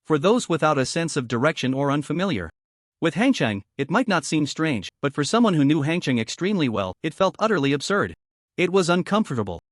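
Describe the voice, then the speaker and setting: A man reading a scripted story recap, with a lively delivery that rises and falls. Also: on the high side, brisk, dry recording, clean studio sound. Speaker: recap narrator.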